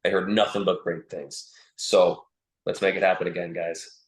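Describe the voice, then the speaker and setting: A man's voice: sits low, level tone, normal speed, echoey room, poor audio. A man from Canada, a professional wrestler as a podcast guest, speaking in an earnest, heartfelt way and saying "y'all". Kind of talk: casual interview chat.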